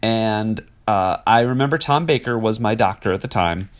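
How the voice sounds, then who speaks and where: Low-voiced man telling stories. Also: normal speed. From Wisconsin, USA. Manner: rambling, many fillers, laughs often. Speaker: actor guest. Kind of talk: casual interview storytelling.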